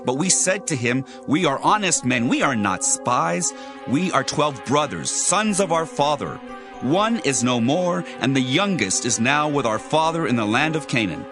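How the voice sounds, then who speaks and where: A man's voice: medium pitch, expressive, normal speed, natural voice. An actor playing an earnest brother pleading his case in a dramatized scripture reading. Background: backing music.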